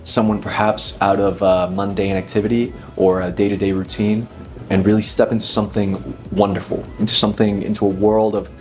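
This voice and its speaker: Low-voiced guy in his 30s telling stories slow and thoughtful, restarts a lot, soft music back there. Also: level tone. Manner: thoughtful, many restarts, leans on 'inevitably'. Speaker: magician, guest. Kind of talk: reflective interview talk. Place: dinner table.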